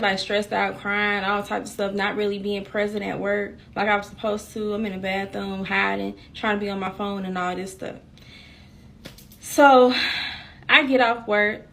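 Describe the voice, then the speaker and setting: A woman's voice: mid-range voice, slight background noise. A woman telling a personal story in a casual chat to her viewers, talking straight to them and acting out the dialogue as she goes. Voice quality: animated, African American Vernacular English phrasing. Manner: chatty, addresses viewers as y'all, acts out quoted dialogue.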